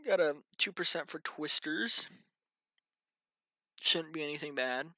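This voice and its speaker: A man's voice: a little high, measured pace, pushed and bright, no room sound. A tired, yawning man giving a casual, rambling weather briefing and muttering to himself as he thinks aloud. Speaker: amateur weather vlogger.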